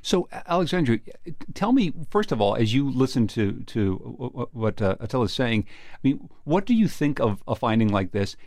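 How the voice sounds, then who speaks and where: A male interviewer with an animated, gravelly voice asks probing questions. The sound is dry and close, with no room echo. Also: medium pitch, normal speed. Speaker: interview host.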